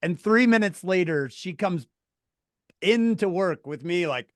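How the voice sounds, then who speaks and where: A man telling a story to his viewers, animated and laughing through his words, calling on chat by name. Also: high voice, unhurried, dry recording, clean studio sound. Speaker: streamer talking to viewers. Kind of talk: casual storytelling.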